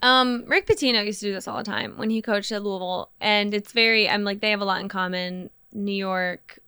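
A woman's voice: medium pitch, steady tone, a little fast, sharp tone, clear, resonant tone, no room sound, studio quality. A woman hosting a casual sports talk show, reading quotes aloud and teasing playfully. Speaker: podcast host.

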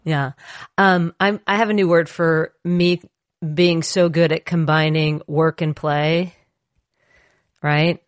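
A woman's voice: sits low, slow, no room sound, clean studio sound. Bubbly, jokey woman podcast host. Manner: bubbly, jokey, animated storyteller. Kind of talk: casual chat.

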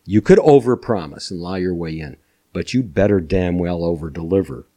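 An older man from Minnesota, a podcast guest telling animated anecdotes with chuckles. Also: sits low, normal speed. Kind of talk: storytelling interview.

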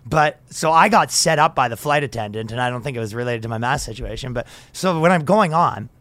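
A man's voice: medium pitch, brisk, dry recording. A man co-hosting a casual comedy podcast, telling a story with lots of laughter and acted-out quotes. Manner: animated storyteller, laughs often, acts out quoted people. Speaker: podcast co-host.

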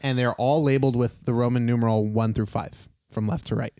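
A young man narrating as game master in a tabletop game, pausing often with ums and uhs. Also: mid-range voice, fairly even intonation, dark tone, no room sound. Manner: hesitant, many ums and uhs.

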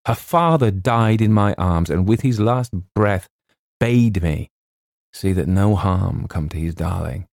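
A man playing a stern, protective old colonel who speaks in a grave, slow and menacing way. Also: low voice, vocal fry, darkish tone, dry recording, studio quality, heavily acted.

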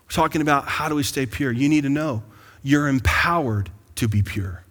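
A man preaching a sermon as pastor to his congregation, calling out to them and building to excited bursts. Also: mid-range voice, moderate pace. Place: large church sanctuary. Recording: long hall reverb.

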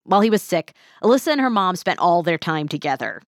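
Low-voiced woman podcast host. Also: very animated, fast talker, no room sound, studio quality. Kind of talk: scripted narration and interviewing.

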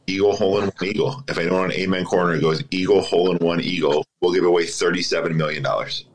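Very deep husky deadpan man. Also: fast talker, rough recording. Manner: deadpan, nonchalant joking. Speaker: podcast co-host. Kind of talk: casual chat.

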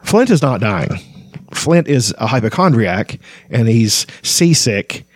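A man's voice: medium pitch, very animated, takes it slowly, dry recording. A man hosting a podcast, chatting about a fantasy book in a casual, rambling way, full of fillers and restarts.

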